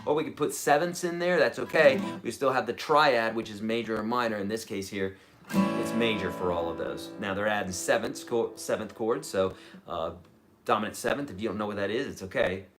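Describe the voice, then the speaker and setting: A man's voice: lowish voice, fairly quick. A man teaching a live-streamed guitar lesson, chatty and explaining, humming riffs as he goes.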